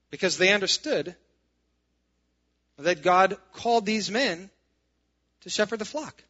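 A man's voice: high-pitched, lively intonation, a little slow, long pauses, bright, forceful tone, lo-fi sound. A man preaching as a pastor, reading scripture aloud and adding sarcastic, emphatic asides. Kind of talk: sermon.

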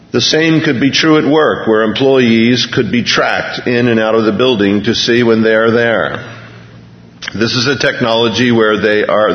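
A male pastor preaching a sermon in a conversational way, reading a news item aloud and restarting his sentences as he goes. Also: fairly low pitch. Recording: dull lo-fi recording with long hall reverb.

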